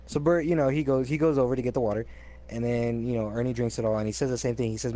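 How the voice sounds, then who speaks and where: Young man, casual chat, storyteller, animated, repeats words, loud acted-out quotes, mid pitch. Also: a little fast. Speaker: co-host telling work stories.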